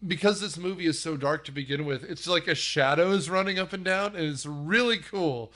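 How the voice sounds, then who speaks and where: A man co-hosting a casual movie podcast, retelling scenes with lively acted-out voices. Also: on the high side, brisk. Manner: animated, acts out voices while retelling scenes. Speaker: podcast co-host.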